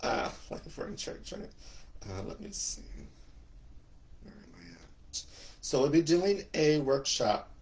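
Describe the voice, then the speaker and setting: A man's voice: fairly high pitch, very animated, measured pace, pauses often, a little mellow, a little hiss or hum. A middle-aged man hosting a casual livestream, joking and campy, greeting viewers by name with big upward swoops in his voice. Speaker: livestream host and coach.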